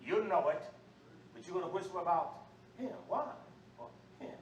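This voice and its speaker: Preacher, male, high voice, fiery call-and-response sermon, recorded far off in an echoey room with faint noise. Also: lively intonation, moderate pace, lo-fi sound. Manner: preaching with call-and-response, swinging from low talk to shouting.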